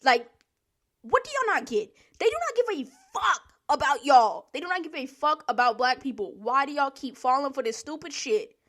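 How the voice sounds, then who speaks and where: A woman's voice: sits high, big pitch swings, moderate pace, fairly bright tone. A woman hosting a solo podcast, ranting in a blunt, profane, heated way, with sighs and laughs between her points. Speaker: podcast host.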